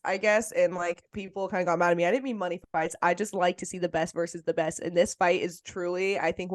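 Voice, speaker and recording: Excitable woman cohosting a fight podcast, chatty and laughing a lot. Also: fairly low pitch. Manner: enthusiastic, laughs often. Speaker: podcast co-host. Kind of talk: casual sports podcast chat.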